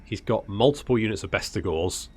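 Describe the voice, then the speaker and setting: A man's voice: lowish voice, lively intonation, a little fast, a little mellow, slightly rough. A man hosting a casual strategy game let's-play, chatting and muttering to himself as he plays and calling his units "buddy". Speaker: gaming channel host.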